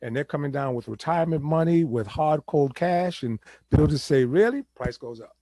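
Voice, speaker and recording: A man hosting a real estate talk show, explaining the housing market in casual chat and acting out buyers and sellers in quick asides. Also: on the high side, dark tone, dry recording.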